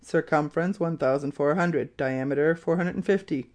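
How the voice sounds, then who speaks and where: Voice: mid-range voice, normal speed, a little mellow, natural voice. Reader doing a dutiful captain, careful and a bit hesitant. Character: dutiful, submissive male army captain. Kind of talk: audiobook character reading.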